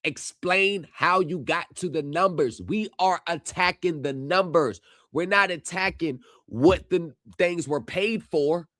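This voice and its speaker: A man live-streaming reactions to court footage, talking straight to his viewers and shouting at the screen. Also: fairly high pitch, slow, no echo, clean studio sound. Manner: heated, yells at the screen; addresses viewers directly.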